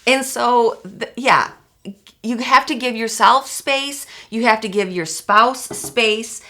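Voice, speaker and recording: A middle-aged woman talks with her co-host in a bright, slightly tense voice. She is reflective and chatty, often leaning on "you know" and "like" as she works through her thoughts. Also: fairly high pitch, slow. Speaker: podcast co-host. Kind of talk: casual chat.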